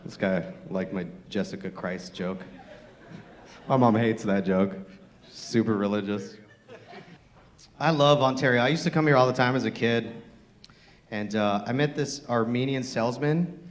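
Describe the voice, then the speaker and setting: A man's voice: medium pitch, measured pace, pauses often. A man doing a brash, crude stand-up comedy set on a comedy club stage, laughing at his own jokes.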